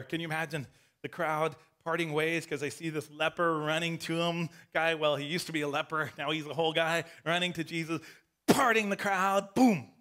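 Male pastor, sermon delivery, bright forceful tone, slightly high voice, animated storytelling. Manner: animated, acts out the story with shouts.

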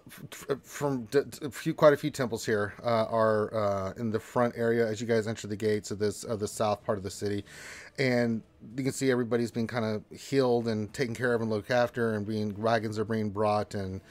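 A man's voice: on the low side, fairly even intonation. Man running a tabletop game. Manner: rambling, halting narration with filler words. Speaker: dungeon master.

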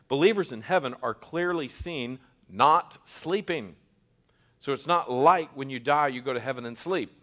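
A man's voice: medium pitch, a bit bright. A man, a pastor, giving an earnest teaching sermon in a church, stressing key words and often restarting his phrases. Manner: earnest, emphatic, with frequent restarts and slowed stresses. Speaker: pastor teaching a Bible class.

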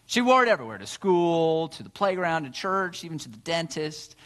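A man's voice: fairly high pitch, very animated, fairly quick, fairly bright tone. A male pastor preaching a sermon, telling a story with earnest rhetorical questions.

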